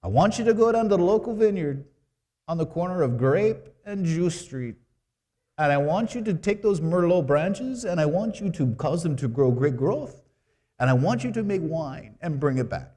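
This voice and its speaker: A preacher voicing an imagined fretful middle-aged mother in a strained, high mock-woman voice. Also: animated, normal speed, mellow, in a large hall, lightly acted. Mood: bossy.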